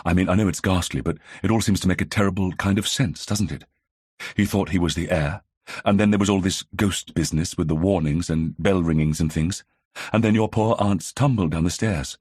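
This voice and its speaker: A man's voice: low voice, brisk, a little mellow, slightly rough, no echo, clean studio sound. A man reading an audiobook, voicing a polite young vicar's daughter who speaks delicately and encouragingly. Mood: earnest. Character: tactful young vicar's daughter, genteel sleuth.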